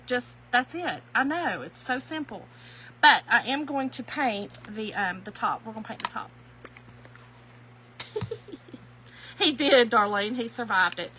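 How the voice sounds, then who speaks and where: On a rough recording with slight background noise, a medium-pitched woman with a Kentucky accent chats through a craft tutorial on a live stream. She reads comments, greets viewers by name, and laughs easily, keeping up a folksy, warm-hearted patter full of "y'all."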